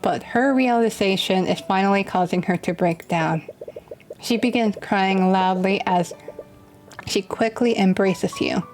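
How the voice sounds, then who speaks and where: A young woman streamer reading a visual novel aloud and reacting softly as it moves her. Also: mid-range voice, a little slow. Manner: soft, emotional asides. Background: faint music.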